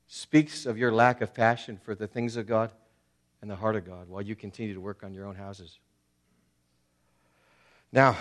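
A man preaching an expository sermon, emphatic and conversational, with frequent fillers and restarts. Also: mid-range voice. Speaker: pastor.

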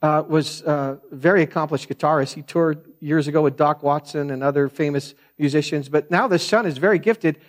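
A man's voice: on the high side, moderate pace, few pauses. A middle-aged man preaching a sermon as pastor, in a chatty, digressive way, often tossing in "man". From France.

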